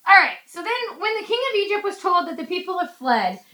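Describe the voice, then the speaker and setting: A woman teaching a casual Bible study, chatty and animated, acting out quotes from the text. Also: extremely high pitch, brisk, echoey room, poor audio.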